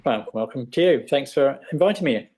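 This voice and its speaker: A man's voice: mid-range voice, expressive, a little fast, slightly rough. A middle-aged man, answering as an interview guest in a modest, hesitant way. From England. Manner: modest, hesitant, with soft laughs. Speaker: illustrator, guest. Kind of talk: casual video interview.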